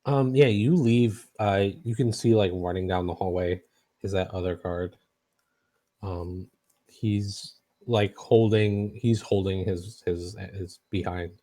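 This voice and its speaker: Male game master, low mellow voice, hesitant with fillers. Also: steady tone, slow pace. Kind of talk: narrating a tabletop game.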